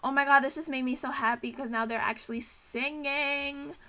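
A woman's voice: high voice, steady tone, moderate pace, pushed and bright. A young woman hosting a casual let's play, gushing and chatty as she comments on her game.

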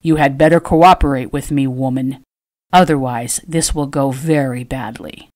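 A woman voicing a towering, dark intruder who growls demands in an audiobook. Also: a bass voice, steady tone, moderate pace, no echo, clean studio sound, voice pushed down. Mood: menacing. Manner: growling, commanding. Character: towering, dark, threatening young nobleman.

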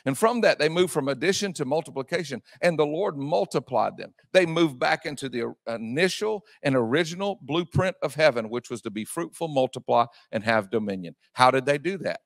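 A man preaching a sermon in a church, repeating his phrases and swinging from shouting to quiet asides. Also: fairly high pitch, expressive, brisk, gravelly, few pauses, no room sound. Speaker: pastor. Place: church sanctuary.

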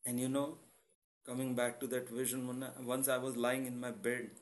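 A middle-aged man with an Indian accent preaches to an online congregation in an earnest, confessional tone. His voice sits at an ordinary middle pitch for a man. He speaks straight to his listeners as "guys" while giving a personal testimony. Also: level tone, moderate pace. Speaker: online church founder and preacher.

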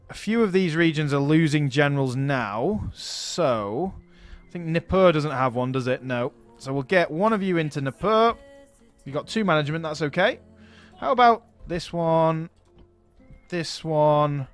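Chatty man thinking aloud over a game. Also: a little high. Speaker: let's play host. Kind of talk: casual strategy game commentary.

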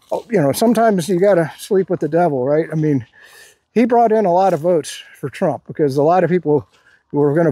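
A video creator chats casually with his viewers, rambling and hesitant, with lots of fillers and restarts. His voice is fairly high, warm and slightly rough, captured in a dry recording.

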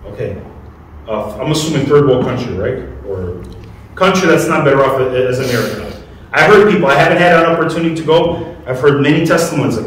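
A man's voice: mid-range voice, lively intonation, quick pace, a little hiss or hum. Man preaching in an echoey church. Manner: conversational preaching, asks the congregation questions. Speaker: pastor. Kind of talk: sermon. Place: church hall. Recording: echoey room, mic at a distance.

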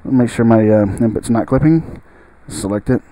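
Mellow-voiced man talking through a tutorial. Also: medium pitch, normal speed, no room sound, rough recording. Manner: thinks aloud, trailing off and restarting sentences. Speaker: music tutorial host. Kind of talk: casual spoken tutorial walkthrough.

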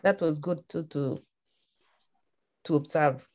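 Slow, low-voiced woman, halting. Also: a little mellow. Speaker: participant.

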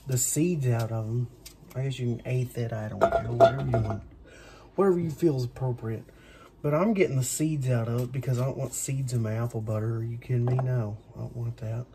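Background noise fills this clip of a man with a mid-range voice cooking at home. He chats loosely for a cooking vlog, wandering off on tangents and making fun of himself.

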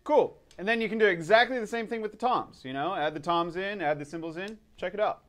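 A man's voice: high voice, fairly quick, heavy background noise. Upbeat male drum teacher. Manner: relaxed, upbeat, counts in before playing. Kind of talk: casual video lesson.

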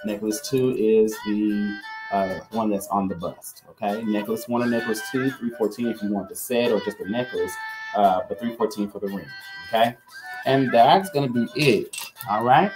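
A man hosting a live-stream jewelry sale, chatty and upbeat and talking straight to his viewers, with soft music behind. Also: lowish voice, moderate pace. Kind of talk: live-stream sales chat.

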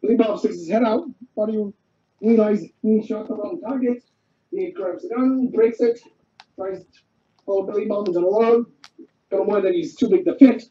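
A co-host casually retells a cartoon plot, rambling and stopping to restart as he summarizes. His voice sits high and mellow at normal speed, and the sound is lo-fi.

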